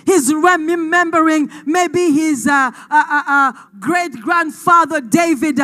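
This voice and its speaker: A woman pastor preaching a passionate sermon in church, often shouting, with frequent "uh" fillers. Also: high-pitched, takes it slowly, few pauses, soft background music.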